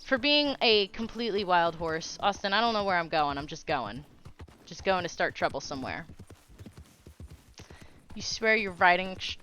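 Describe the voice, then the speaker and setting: A young adult woman chats casually to her viewers while she plays a game live, rambling through anecdotes and breaking into laughter along the way. Her voice is bright and forward at a middle pitch. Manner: chatty, laughs often while telling stories. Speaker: live streamer.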